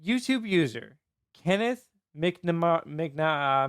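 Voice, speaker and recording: A fairly high male voice with a gravelly, fry-laden edge and a dry sound. He hosts a podcast in casual, joking chat and fumbles names as he goes. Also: lively intonation, moderate pace, no room sound. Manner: laid-back, joking, stumbles over names. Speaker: podcast host.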